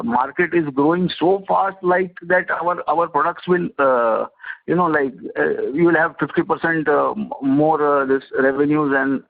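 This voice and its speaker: Gravelly analyst on a phone line. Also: male voice, fairly high pitch. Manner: halting, many fillers and restarts. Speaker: analyst asking questions. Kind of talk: earnings call questions.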